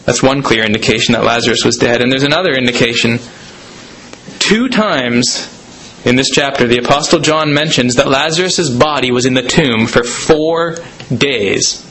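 A man preaching a sermon, dramatic, slowing down for emphasis. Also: medium pitch, a bit bright, poor audio. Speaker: pastor.

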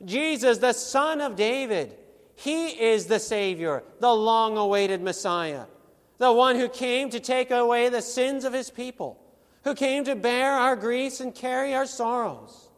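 In an earnest, emphatic sermon, a man with a high voice asks pointed rhetorical questions to press his points. He speaks slowly and deliberately, and a long echo carries through the large hall.

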